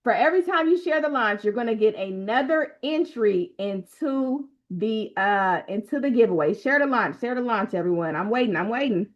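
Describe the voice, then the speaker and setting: A woman's voice: fairly high pitch, animated, moderate pace, few pauses. Emotional Black woman coach on a muffled stream. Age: 30s. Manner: emotional, repetitive exhortations to the audience. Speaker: motivational coach hosting a live book launch. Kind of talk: live-stream talk to viewers. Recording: lo-fi stream audio.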